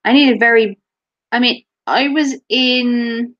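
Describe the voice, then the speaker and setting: Slow-talking giggly woman. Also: a little high, highs cut off. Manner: giggly, chatty, teasing. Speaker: vlogger. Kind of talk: casual chat to camera.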